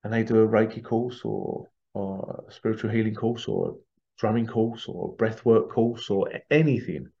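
Fairly low in pitch yet animated, with vocal fry, this man talks at a moderate pace while the highs are cut off. He's a spiritual podcast host rambling opinionatedly in a casual monologue, slipping into little voices to act out quotes.

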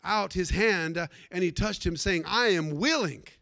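A man voicing Jesus in a calm, measured tone while retelling a scripture story. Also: high voice, vocal fry, no room sound, clean studio sound, exaggerated voice. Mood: gentle. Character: calm, commanding adult male Jesus.

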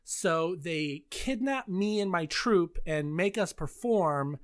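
A woman in her thirties hosting a casual podcast chat, telling stories in an animated way with frequent laughs and sudden high squeals. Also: slow pace, smooth. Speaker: podcast host.

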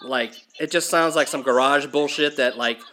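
A man's voice: medium pitch, moderate pace, sharp tone, a little hiss or hum. A man co-hosting a casual podcast chat, blunt and profane, often stumbling over repeated words as he starts a sentence. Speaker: podcast co-host.

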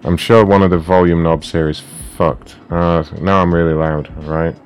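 Brief: male stream host, very low voice, loose and crude, faint music underneath. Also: level tone, moderate pace. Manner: loose, profane, joking. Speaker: prank call show host. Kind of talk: casual live-stream chat.

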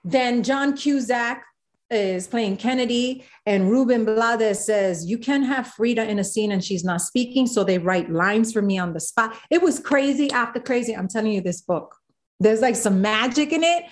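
Animated New woman storyteller. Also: fairly high pitch, normal speed. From South Bronx, New York. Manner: animated, acts out quotes of others. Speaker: guest. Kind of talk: storytelling in an interview.

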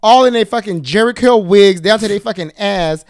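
A man's voice: high-pitched, moderate pace, a little mellow, no echo, studio quality. A man co-hosting a casual podcast chat, brash and profane. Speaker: podcast co-host.

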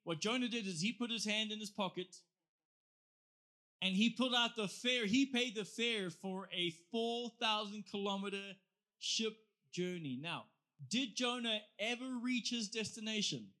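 Bright-voiced, lively male preacher. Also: sits high, measured pace. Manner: lively, conversational, asks the audience questions. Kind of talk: sermon.

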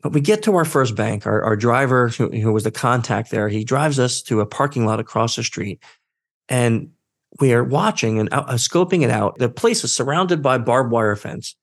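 A man telling a story as a guest in a career interview, acting out the dialogue and jumping up in pitch when he quotes people. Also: normal speed. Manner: animated, acts out quoted dialogue with his voice jumping up. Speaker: guest, social engineer.

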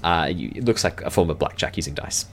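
A deep-voiced man narrating a tabletop game as dungeon master, rambling through his descriptions with plenty of ums. A faint hiss sits under the recording. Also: animated, fast, fairly bright tone. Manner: rambling, filler-heavy description.

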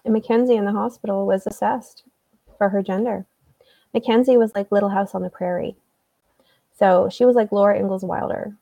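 A woman's voice: mid-range voice, fairly even intonation, brisk, vocal fry, mellow, no room sound, distant mic, rough recording. A woman as an interview guest, a mother telling her own story and acting out what other people said. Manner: retells events by acting out quoted dialogue. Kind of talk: conversational storytelling.

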